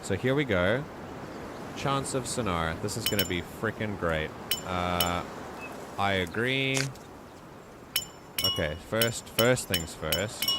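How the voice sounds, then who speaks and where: A man with a deep, low-pitched voice hosts a live game stream. He talks chattily to his viewers, getting excited and often stopping to restart a sentence or fill a pause. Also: very noisy. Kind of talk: casual live-stream gameplay commentary.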